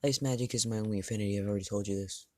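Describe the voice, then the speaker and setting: A man voicing a confident young swordsman with ice magic in his own voice, calm and self-assured. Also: fairly low pitch, very fast, no room sound, clean studio sound, voice pushed down, natural voice.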